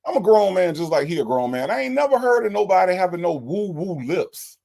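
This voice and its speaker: Gravelly man hosting an animated live stream. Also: high-pitched, a little fast. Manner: exasperated, incredulous, repeats questions to the chat. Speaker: livestream host reviewing a recorded call. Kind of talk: live-stream commentary to a chat.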